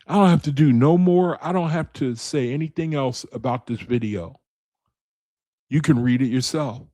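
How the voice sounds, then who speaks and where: A man's voice: medium pitch, normal speed, warm tone, dry recording, clean studio sound. A man leading a casual video Bible study, talking straight to his viewers, repeating his points and calling them brethren and man, with speech.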